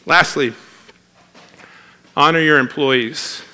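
A man's voice: on the high side, slow, sharp tone. A man preaching a sermon in a conversational, emphatic way, reading scripture aloud.

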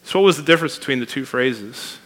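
A man's voice: mid-range voice, lively intonation, quick pace, a bit bright. A man preaching a sermon in a conversational, emphatic way, reading scripture aloud.

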